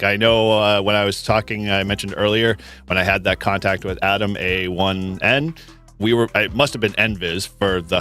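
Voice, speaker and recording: Hosting a relaxed live quiz chat, a Massachusetts man with a Boston-area accent speaks in a fairly low, slightly bright voice. He's chatty, laughs a lot, and frequently starts his sentences over.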